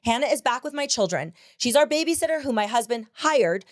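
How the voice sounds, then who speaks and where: A woman's voice: a little high, animated, a little fast, no room sound, clean studio sound. A woman hosting a casual podcast chat, blunt and profane, laughing often. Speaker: podcast host.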